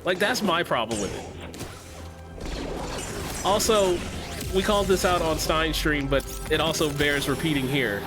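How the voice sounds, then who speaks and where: A man's voice: on the high side, unhurried, long pauses, over music. A young man streaming a game, chatting casually, joking, swearing and laughing often. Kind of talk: casual livestream chat.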